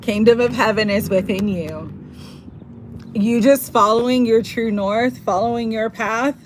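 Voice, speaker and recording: Over a faint hiss or hum, a woman with a slightly high voice reads tarot during a live stream at a measured pace. Her delivery is effusive and emotional, and she gets teary at times.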